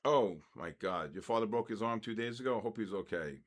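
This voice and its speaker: Older New trader hosting a live session, rambles and rants between market calls. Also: male voice, fairly low pitch, lively intonation, brisk. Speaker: trading session host. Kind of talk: casual live trading commentary.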